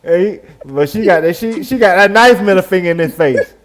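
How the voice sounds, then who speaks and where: A man's voice: sits high, lively intonation, moderate pace. A man co-hosting a live sports talk stream, laid-back, with short agreements. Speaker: sports talk show co-host.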